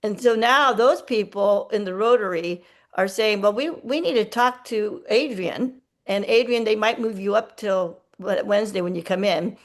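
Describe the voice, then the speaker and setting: A woman's voice: medium pitch, normal speed. A woman on a video call, casually telling a story and acting out the dialogue. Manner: chatty, acts out quoted dialogue. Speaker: team member sharing a story.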